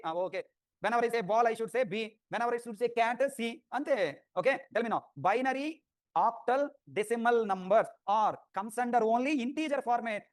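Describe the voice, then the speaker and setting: A male teacher with a high, quick voice fires repeated questions at his class and teases them. The sound is dry and close. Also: no echo. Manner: drilling questions, repetitive, teasing students. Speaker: programming teacher.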